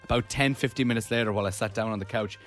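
A man's voice: on the low side, rapid-fire, faint music behind. A man hosting a radio chat show with playful banter. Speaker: radio host.

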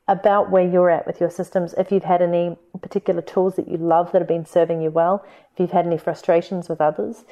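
A woman's voice: lowish voice, warm tone, dull audio. A woman with a New Zealand accent hosting her own podcast, talking in an upbeat, chatty way straight to her listeners. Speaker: podcast host. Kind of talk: solo podcast monologue.

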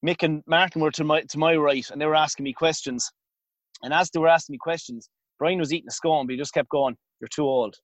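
A man's voice: a little high, fairly even intonation, quick pace, no echo. A man with an Irish accent, a former goalkeeper, telling long anecdotes in a casual interview with many restarts. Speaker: former hurling goalkeeper guest.

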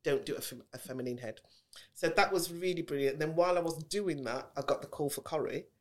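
A woman's voice: low voice, fast. A middle-aged woman with a Birmingham accent, chatting animatedly as an interview guest. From Birmingham, England. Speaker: guest actress. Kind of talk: casual interview chat. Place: podcast recording venue.

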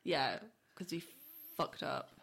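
A woman's voice: sits low, takes it slowly, vocal fry, a bit bright, breathy edge. A woman co-hosting a casual true-crime podcast, chipping in with wry, joking remarks. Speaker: podcast co-host.

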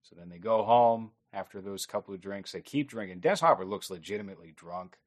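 Podcast co-host, man, lowish voice, dry rambling plot recap, swears a lot. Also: brisk. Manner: rambling, wry, swears freely. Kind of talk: casual chat recapping a film.

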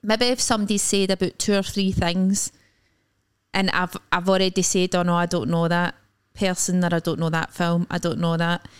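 A woman's voice: fairly low pitch, flat delivery, moderate pace, clean tone. Rambling Scottish woman storyteller. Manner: rambling, acts out quoted dialogue. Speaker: podcast co-host. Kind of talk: casual chat.

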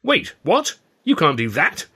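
A man doing a high, plaintive young actor. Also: expressive, fast, fairly bright tone. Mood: alarmed. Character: anxious young male actor, excitable. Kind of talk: storybook character voice.

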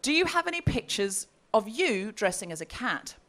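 Bright, animated woman telling a comedy story. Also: fairly high pitch, moderate pace. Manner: animated, laughing, quoting messages in mock voices. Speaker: podcast co-host telling a story. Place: live comedy festival show.

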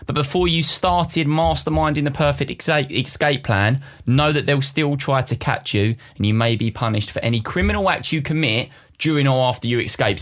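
A man, co-hosting a podcast in casual, enthusiastic chat. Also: on the high side. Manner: enthusiastic, animated storytelling. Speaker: podcast co-host.

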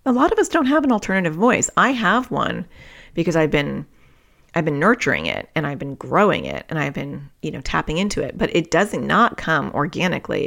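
A middle-aged woman with a low voice and a gravelly edge hosts a solo parenting podcast. She talks candidly and reflectively, speaking straight to her listeners. Her delivery stays open and self-questioning. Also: fairly bright tone.

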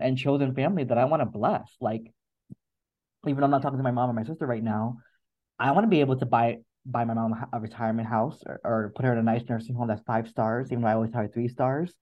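Appearing as a podcast guest in an emotional interview, a man speaks earnestly and reflectively, often repeating words while he gathers his thoughts. His voice is medium-pitched and the audio is dull.

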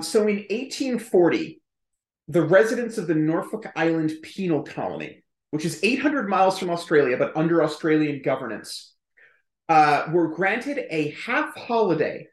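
A man speaking as a historian guest on a podcast, explaining at length in a chatty, emphatic way with quick asides. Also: fairly high pitch, lively intonation, reverberant. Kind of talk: conversational podcast interview.

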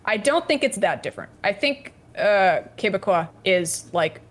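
Rambling woman with a lively voice. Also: medium pitch. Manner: rambling, halting, many fillers and restarts. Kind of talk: casual chat.

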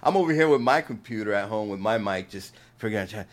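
A man with a thick New Jersey accent, a podcast guest chatting in an energetic, upbeat way and laughing often. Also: lowish voice, quick pace. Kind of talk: casual chat.

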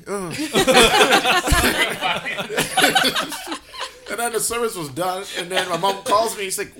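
A young man from Canada, a comedian guest on a podcast, telling an animated story, laughing often and acting out the dialogue. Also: sits high, takes it slowly, heavy background noise.

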